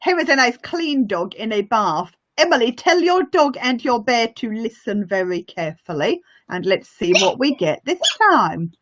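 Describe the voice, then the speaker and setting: A woman's voice: fairly high pitch, expressive, fairly bright tone, slight background noise. A woman teaching a phonics lesson to young learners, encouraging and praising them often. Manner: encouraging, slow and sing-song, praising often. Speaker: English teacher. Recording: muffled lo-fi audio.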